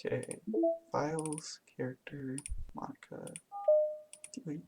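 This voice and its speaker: A man giving casual commentary while playing a game, talking in a hushed, mumbling voice late at night. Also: fairly high pitch, steady tone, slow pace, creaky, a little hiss or hum. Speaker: let's play gamer. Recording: loud game music behind voice.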